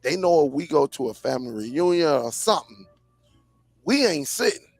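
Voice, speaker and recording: A man hosting a live stream, telling stories in a lively, casual way, stretching words for emphasis. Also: on the high side, no room sound, soft background music. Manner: lively storyteller, drawn-out emphasis, frequent laughs. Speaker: host. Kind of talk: casual chat.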